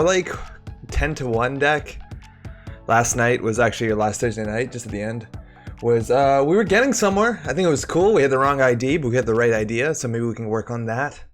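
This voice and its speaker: Male streamer, mid-pitched, winded, casual chat over soft background music. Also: lively intonation, a little fast. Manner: chatty, greets viewers by name. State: out of breath. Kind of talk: live-stream chat about a card game. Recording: faint music behind.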